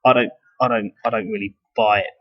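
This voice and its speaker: Rambling husky British man. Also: medium pitch, very animated, fairly quick. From United Kingdom. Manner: rambling, swears, many restarts. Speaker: video blogger. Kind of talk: casual monologue. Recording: dull lo-fi sound.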